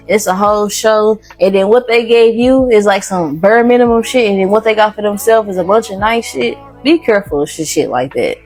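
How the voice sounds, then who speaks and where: A woman reads tarot in a casual, blunt way. She is slangy and swears often. Her voice sits at a middle pitch, with faint music underneath. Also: a little fast, hardly any pauses, a little mellow. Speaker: tarot reader.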